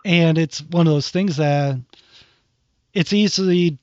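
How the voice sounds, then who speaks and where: A man co-hosting a podcast rambles through examples in casual chat, retelling them animatedly with acted-out quotes. His fairly high voice takes things slowly, with no echo, in a dry, dull lo-fi recording.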